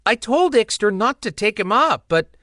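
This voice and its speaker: A man's voice: high-pitched, big pitch swings, normal speed, fairly bright tone, dry recording, clean studio sound, voice pushed up. A man voicing an earnest golden-headed male griffin who protests defensively in an audiobook. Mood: worried.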